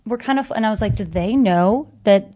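A young woman in her twenties, chatting casually as she tells an animated story and lifts her pitch when she quotes herself. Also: moderate pace. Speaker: guest storyteller. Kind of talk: casual chat.

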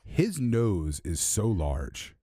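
A man's voice: on the low side, very animated, extremely slow, mellow, dry recording, studio quality. A man co-hosting a casual sports podcast, loose and joking, laughing often. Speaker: podcast co-host.

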